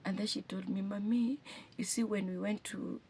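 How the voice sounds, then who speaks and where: A Kenyan woman speaks to her viewers, earnest and emotional, breaking off and restarting her sentences as she tells the story. Her pitch sits in an ordinary middle range. A faint hiss runs under her voice. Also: fairly even intonation, normal speed, mellow. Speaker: single mother vlogger. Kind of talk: personal storytelling to camera.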